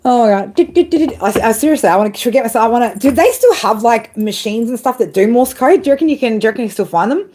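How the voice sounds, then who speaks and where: A woman's voice: a little high, lively intonation, racing, hardly any pauses, mellow, poor audio. Chatty woman tarot reader. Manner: chatty, laughs often, repeats "right?". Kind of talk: live-stream reading chat. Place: outdoors.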